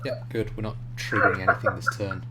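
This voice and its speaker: A man streaming a strategy game, calmly thinking out loud about tactics and swearing casually. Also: on the low side, fast talker, heavy background noise. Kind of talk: gaming commentary.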